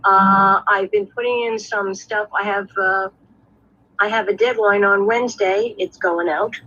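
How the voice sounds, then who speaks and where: Chatty husky woman on a lo-fi call. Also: medium pitch, fairly even intonation, a little slow, sharp tone. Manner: chatty, self-mocking, rambling with fillers. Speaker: guest writer and actor. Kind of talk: casual video call chat.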